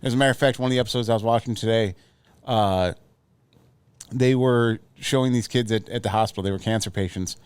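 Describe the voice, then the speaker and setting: A man's voice: fairly low pitch, fast talker, a little mellow, clear, resonant tone, dry recording. A man co-hosting a podcast, chatting casually and telling a long, stammering story. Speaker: podcast co-host. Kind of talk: casual chat.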